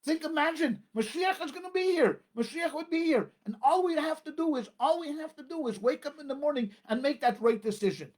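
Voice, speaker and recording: A man, a rabbi, preaching a sermon with emphatic repetition and dramatic pauses. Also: very high voice, animated.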